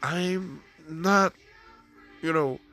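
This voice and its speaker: A man's voice: on the high side, extremely slow, pushed and bright, faint music behind, heavily acted. A man voicing a shy, flustered teenage girl who stammers.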